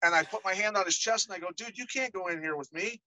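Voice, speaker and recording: A middle-aged man tells stories as a podcast guest, animated and quick to act out the voices of the people he quotes. His voice is bright and forceful, and it sounds dry and close to the mic. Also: sits high, no room sound, low-quality recording. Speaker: podcast guest, former fighter. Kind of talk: casual storytelling interview.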